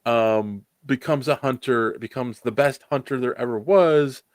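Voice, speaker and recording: A man co-hosting a podcast, reviewing a movie in casual chat, rambling and animated with many restarts. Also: medium pitch, a little slow, no room sound. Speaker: podcast co-host.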